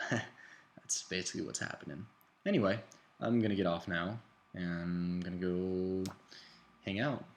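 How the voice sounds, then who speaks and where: A man's voice: low-pitched, fairly even intonation, a little slow, long pauses. A young American man from the United States recording a casual video diary at home, rambling and self-deprecating, often restarting his sentences. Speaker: exchange student vlogger. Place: indoors at home, living room.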